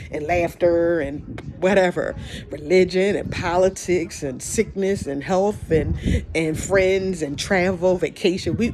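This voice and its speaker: A podcast host talks straight to listeners in a loose, heartfelt encouraging monologue, circling back and repeating lines as thoughts come. The voice sits at a middle pitch. Steady noise runs under the recording. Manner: heartfelt, rambling, repeats phrases, says y'all.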